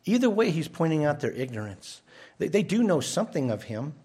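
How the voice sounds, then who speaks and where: A man's voice: fairly high pitch, sing-song, fairly quick, darkish tone, slightly rough. A man preaching an expository sermon as pastor, earnest, restarting and repeating words and rising for emphasis.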